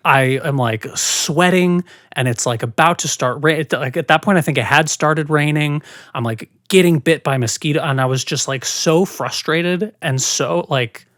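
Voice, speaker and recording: A woman's voice: deep voice, moderate pace, no room sound, clean studio sound. A woman guest frankly retelling a personal story in casual podcast chat, with many fillers. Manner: frank, animated retelling with lots of "like".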